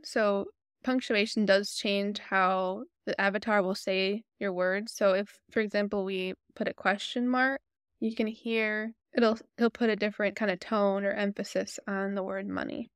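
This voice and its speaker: A woman calmly walking viewers step by step through a software tutorial. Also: mid-range voice, normal speed, clean tone, no room sound, clean studio sound. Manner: friendly, explanatory, step-by-step. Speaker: tutorial host. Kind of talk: screen-recorded software tutorial.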